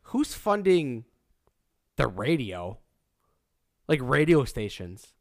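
Podcast guy, average pitch, keeps trailing off into mumbles. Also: very animated, takes it slowly, gravelly, no echo, studio quality. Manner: drops to mumbled asides. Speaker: podcast co-host. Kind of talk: casual podcast banter.

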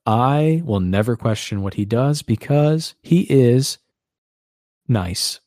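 A man's voice: medium pitch, lively intonation, slow pace, dark tone, dry recording, clean studio sound. A man hosting a casual sports podcast, talking in a sarcastic, rambling way. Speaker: podcast host.

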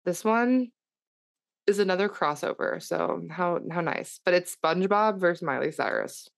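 A woman's voice: fairly low pitch, moderate pace, vocal fry, no room sound. A young woman hosting a casual chat, reading fan fiction aloud and often laughing. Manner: animated, laughs often, slips into silly character voices. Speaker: podcast co-host.

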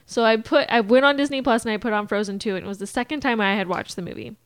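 A young adult woman co-hosting a podcast, telling a story in a casual, animated way, swearing freely and laughing often. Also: a little high, fast talker, clear, resonant tone, dry recording. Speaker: podcast co-host. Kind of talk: casual chat.

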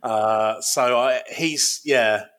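A man co-hosting a casual podcast chat, animated and playful in his storytelling. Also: medium pitch, extremely slow. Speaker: podcast co-host.

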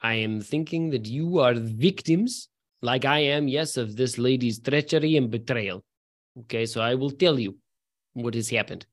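A man's voice: mid-range voice, dry recording, clean studio sound, voice pushed down, close to an everyday voice. A man putting on a Russian-accented mercenary. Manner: slow, halting, theatrical delivery. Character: swaggering male mercenary with a put-on Russian accent.

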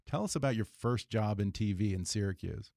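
A man's voice: fairly low pitch, lively intonation, brisk, creaky, darkish tone, dry recording, clean studio sound. A man with a Texan accent hosting an interview and asking about early career stories. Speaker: host.

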